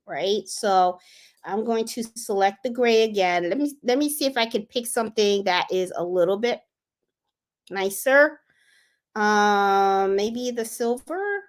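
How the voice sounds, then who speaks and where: A woman hosting a live embroidery tutorial, chatting casually and thinking aloud as she clicks through design software. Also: mid-range voice. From Puerto Rico. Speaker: sewing and embroidery channel host.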